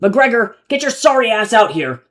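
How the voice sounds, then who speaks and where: A raving, theatrical robot. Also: male voice, high voice, sing-song, moderate pace, voice pushed up. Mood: furious, melodramatic. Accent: put-on Terran accent. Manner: yelling, melodramatic, profane. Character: unhinged male robot, loud and theatrical. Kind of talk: live reading of his own novel.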